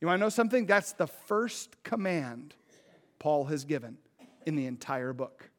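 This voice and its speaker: A man preaching a sermon, impassioned and pleading, dropping to a hush and then rising loud. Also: fairly high pitch, sing-song, normal speed. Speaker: pastor.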